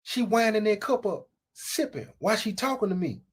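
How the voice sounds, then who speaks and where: A woman telling a comic story in slangy, animated fashion, acting out voices and sound effects. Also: mid-range voice, normal speed, slightly rough. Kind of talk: comedic storytelling.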